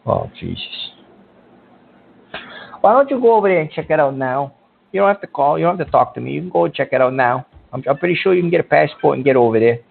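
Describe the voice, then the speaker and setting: A man hosting a call-in radio show, brash and quick to insult callers. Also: fairly high pitch, sing-song, creaky, slightly rough. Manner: brash, insulting, easily riled. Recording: tinny phone-quality audio.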